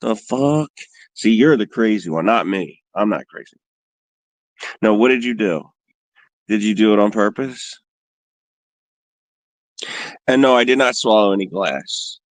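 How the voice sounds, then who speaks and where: Livestream host, male, lowish voice, dry close sound, rambling and profane, self-mocking. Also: animated, unhurried, long pauses, no room sound. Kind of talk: casual livestream chat answering viewers.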